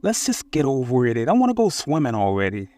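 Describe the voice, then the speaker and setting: A man's voice: mid-range voice, wildly swooping pitch, fairly quick. A man voicing a brash, egotistical young male jock who clowns and pushes the group in a spoken horror story. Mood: pushy. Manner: loud, clowning, pushy.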